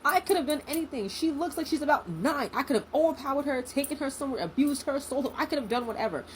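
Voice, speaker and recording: A young woman in a casual storytime vlog, animated and indignant, acting out what people said. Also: high-pitched, fast talker, slight background noise, low-quality recording. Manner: animated, indignant, acts out quotes.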